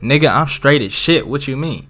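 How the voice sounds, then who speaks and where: A man's voice: mid-range voice, lively intonation, normal speed, pushed and bright. A man quoting a big defensive tough guy.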